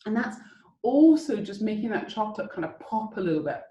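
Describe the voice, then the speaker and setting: A woman's voice: mid-range voice, lively intonation, fairly quick, warm tone, reverberant, highs cut off. A woman hosting a guided whisky and chocolate tasting over a video call, chatty and enthusiastic as she coaches the listeners.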